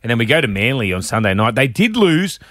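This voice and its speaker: A man's voice: mid-range voice, quick pace, dry recording, studio quality. A young Australian man hosting a breakfast radio show, telling cheeky stories in casual banter. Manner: animated storyteller, cheeky. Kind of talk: casual sports and banter chat.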